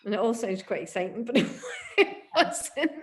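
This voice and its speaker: Scottish woman, 50s, musician interviewee, animated storyteller, laughs a lot, slightly higher voice. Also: a little slow. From Glasgow, Scotland. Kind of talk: oral history interview.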